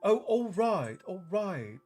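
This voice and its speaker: Man reading as a teenage witch girl, bossy, impatient, pitched up, lively. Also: slow pace, faint music behind, heavily acted. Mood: insistent. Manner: urgent, bossy.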